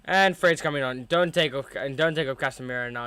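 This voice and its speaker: A young man hosting a live football watchalong, reacting to the match with chatty, excitable fan commentary. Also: mid-range voice, fast talker, few pauses, clear, resonant tone, no room sound.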